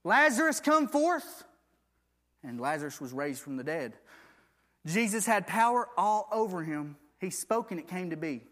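High-voiced man preaching a sermon. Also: expressive, normal speed. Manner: preaching with call-and-response asides, reading scripture aloud.

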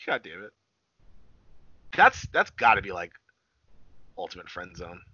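A young man co-hosting a casual podcast, swearing freely and laughing through animated, crude stories. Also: low voice, takes it slowly, lo-fi sound, a little hiss or hum.

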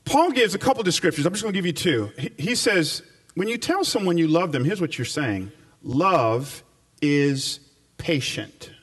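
Animated high-voiced preacher, distant mic. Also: male voice. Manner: animated preaching with slow emphatic repetition. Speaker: pastor. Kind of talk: sermon. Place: church before a live congregation.

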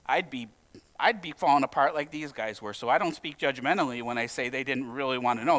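A man's voice: medium pitch, a little fast, fairly bright tone. A male pastor preaching a sermon in a conversational, lightly humorous way, asking his listeners direct questions.

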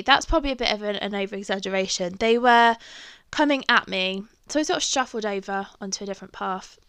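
A woman's voice: fairly high pitch, gravelly, fairly bright tone, smooth, dry recording. A young woman with an English accent, telling a personal story in a casual, chatty way and swearing freely. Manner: chatty, swears freely, acts out her own reactions. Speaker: podcast host.

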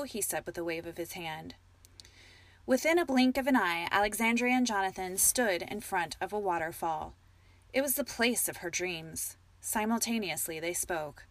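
A woman's voice: on the low side, normal speed, fairly bright tone, no room sound. A woman reading a romantic fantasy story aloud as narrator, lifting her voice for the heroine's lines.

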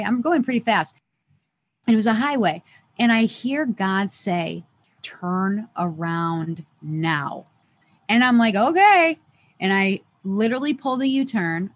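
A woman who is a podcast guest, earnestly telling an emotional personal story and acting out the dialogue as she goes. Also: mid-range voice. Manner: earnest, lively retelling with quoted dialogue.

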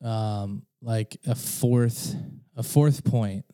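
A man's voice: mid-range voice, fairly even intonation, extremely slow, dark tone, smooth, dry recording. A man hosting a podcast, talking casually, laughing often and swearing freely. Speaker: podcast host. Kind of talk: casual conversation.

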